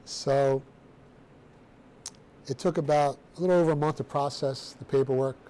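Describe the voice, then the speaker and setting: A man's voice: medium pitch, moderate pace. Blunt streetwise man telling his story. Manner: blunt, streetwise, animated storytelling with casual slang. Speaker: seminar speaker telling his own story. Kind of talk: personal storytelling talk to students.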